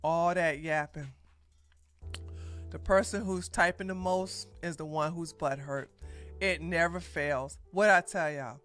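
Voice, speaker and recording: A woman's voice: fairly low pitch, fairly even intonation, a little slow, a bit bright, faint music behind. A woman co-reacting to a clip, giving blunt, mocking relationship advice. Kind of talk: casual reaction commentary.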